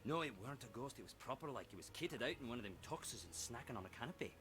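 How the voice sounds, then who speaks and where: A man's voice: medium pitch, expressive, fast talker, close to an everyday voice. An actor voicing a blunt, teasing local man in a video game. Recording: noisy game audio.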